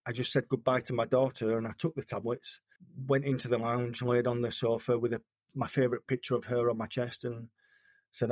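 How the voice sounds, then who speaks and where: A man from the United Kingdom, an interview guest, telling a personal story in an earnest, halting way with frequent restarts. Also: mid-range voice, level tone, darkish tone, dry recording, studio quality.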